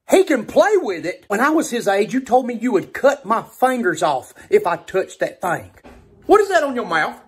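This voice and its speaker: A young man performing a one-sided comedy sketch as an exasperated dad, talking to unheard parents and his child. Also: very high voice.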